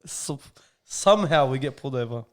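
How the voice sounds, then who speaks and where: A man's voice: medium pitch, animated, fairly quick. A young man chatting on a podcast, teasing a friend and laughing as he jumps in. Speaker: podcast co-host. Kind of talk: casual chat.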